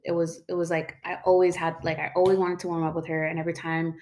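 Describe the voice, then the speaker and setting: A young woman with a slightly low voice tells her own story off the cuff. She rambles, leans on "like" and "um", and swears casually as she goes. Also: flat delivery, quick pace, a little mellow. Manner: rambling, filler-heavy, swears freely.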